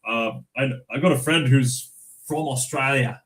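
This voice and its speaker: Reading news aloud on his livestream, a Scottish host keeps things chatty, laughing often and tripping over plenty of fillers and restarts. He speaks slowly in a medium-pitched, slightly bright voice, and the audio is poor.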